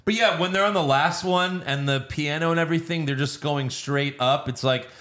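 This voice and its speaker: A man's voice: on the high side, moderate pace, fairly bright tone. A man co-hosting a podcast, casually recapping a film's plot with plenty of uhs and swearing. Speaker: podcast co-host. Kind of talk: casual movie review chat.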